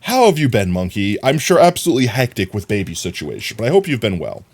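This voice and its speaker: Animated, chatty male streamer. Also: fairly low pitch, quick pace. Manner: animated, chatty, many fillers. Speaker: livestreamer. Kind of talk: casual chat with viewers.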